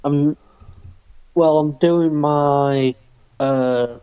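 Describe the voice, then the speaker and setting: Slow, hesitant young man, muffled. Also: a little high, steady tone, mellow, smooth, dry recording. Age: young adult. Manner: hesitant, brief answers. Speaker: co-host. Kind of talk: casual chat.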